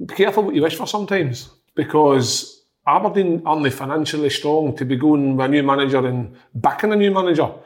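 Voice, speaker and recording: A football pundit with a Scottish accent shares his views in a casual podcast chat, his voice a little high and brisk. Thoughtful in manner, he repeats words as he works out his point.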